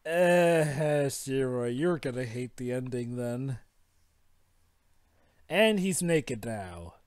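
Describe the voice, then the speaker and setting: A man giving casual, excitable movie commentary with friends. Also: medium pitch, extremely slow, clear, resonant tone, no echo, clean studio sound.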